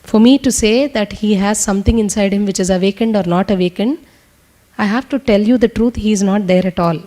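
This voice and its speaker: A woman leading a spiritual teaching session, talking fast in an earnest, testimonial way. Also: medium pitch, dark tone. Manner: talks fast. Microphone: speaking to a room with translators.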